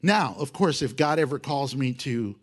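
A male pastor preaching a sermon in an animated, joking way, with playful sound effects. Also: mid-range voice, moderate pace, slightly rough.

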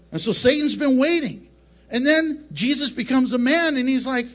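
Animated, high-pitched preacher man. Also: normal speed. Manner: animated, joking, self-interrupting. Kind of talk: casual Bible teaching to camera. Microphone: camera mic up close.

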